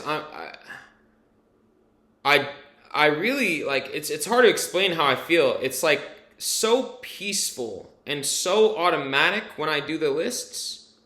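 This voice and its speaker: A man's voice: on the high side, bright, forceful tone, echoey room. A man rambling candidly through a personal vlog testimonial, full of fillers and casual swearing. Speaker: vlogger giving a testimonial.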